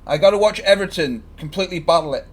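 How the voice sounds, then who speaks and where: A man with a slightly high voice talks over a live football match for his stream. He chats, jokes and rattles off gloomy predictions for his own team. The delivery is loose and conversational, like a fan on the sofa. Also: quick pace, husky. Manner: chatty, joking, fan-biased predictions. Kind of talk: casual live match commentary.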